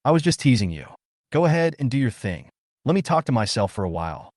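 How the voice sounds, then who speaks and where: A man's voice: mid-range voice, big pitch swings, fast talker, a little mellow, no room sound, clean studio sound. A man voicing a cocky young soldier who talks in a teasing, offhand way.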